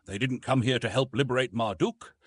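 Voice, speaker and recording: A man's voice: mid-range voice, fairly quick, breathy edge, dry recording, clean studio sound, close to an everyday voice. A man voicing a blunt, wry male space-fleet commander in an audiobook. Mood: tense.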